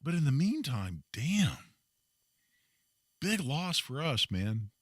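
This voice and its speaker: Guy on talk radio, lively swingy pitch, dry close mic, tells stories hard and emphatic. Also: slow, breathy edge, no echo. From Indiana, US. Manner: animated storytelling, emphatic. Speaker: radio host.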